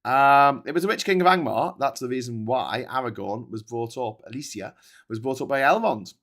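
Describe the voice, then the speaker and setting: A man's voice: medium pitch, animated, moderate pace, fairly bright tone. A man hosting a live news commentary stream, rambling and jokey, often correcting himself. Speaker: show host. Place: seated in his own show chair.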